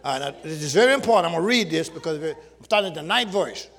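A man preaching a sermon to his congregation, using call-and-response and shouting at the peaks. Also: fairly high pitch, expressive, quick pace. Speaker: pastor. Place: church sanctuary with congregation.

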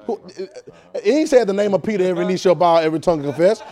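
A man preaching a call-and-response sermon, animated, repeating words and quizzing the congregation. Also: sits high, rapid-fire. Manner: animated, repeats words, teaches by asking the crowd.

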